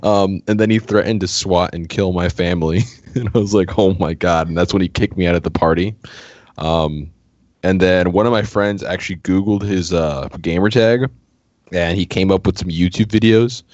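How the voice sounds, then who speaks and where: A man's voice: deep voice, normal speed, no room sound. A man co-hosting a podcast, chatting casually and chuckling his way through a story. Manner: laughs through his own story, relaxed and amused. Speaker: podcast co-host. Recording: dull lo-fi dry audio.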